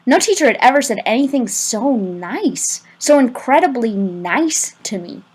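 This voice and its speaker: A woman's voice: on the high side, very animated, a little slow, a little mellow, breathy edge. A woman narrating an amateur audiobook in a plain reading voice, stumbling over a word now and then. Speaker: audiobook reader.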